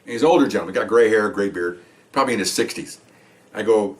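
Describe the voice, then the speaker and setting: Older man, retired police officer, casual storytelling, animated quoted voices, slightly distant mic. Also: fast talker. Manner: animated, acts out quoted dialogue with higher pitch. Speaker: retired police veteran telling stories.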